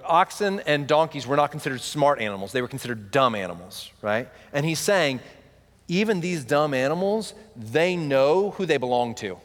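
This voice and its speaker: A man's voice: a little high, a bit bright, in a large hall. A man in his thirties preaching a sermon, with a conversational delivery full of "right?" asides. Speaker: pastor.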